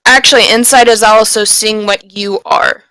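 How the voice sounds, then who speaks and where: A woman playing in a tabletop game, talking hesitantly and filling gaps with ums. Her voice is gravelly and bright, recorded close and dry. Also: medium pitch, fairly even intonation, moderate pace, dry recording, rough recording. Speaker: player. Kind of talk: casual tabletop play.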